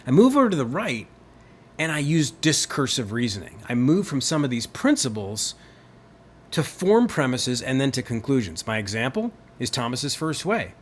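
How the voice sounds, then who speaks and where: Animated man lecturing on theology. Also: mid-range voice, moderate pace, a little hiss or hum. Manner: animated, rhetorical questions, emphatic. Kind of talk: recorded lecture.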